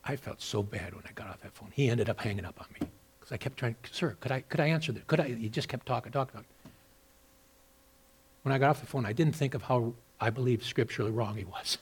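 A man preaching a sermon as a pastor, moving between loud, emphatic exhortation and quieter personal storytelling with repeated words. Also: medium pitch, quick pace, husky. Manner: repeats and restarts words when telling a story.

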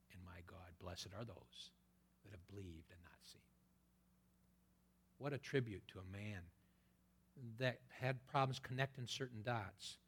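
A man preaching a sermon, quoting scripture and swinging between loud emphatic peaks and hushed whispers. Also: lowish voice, breathy edge. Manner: quotes scripture in old-fashioned wording.

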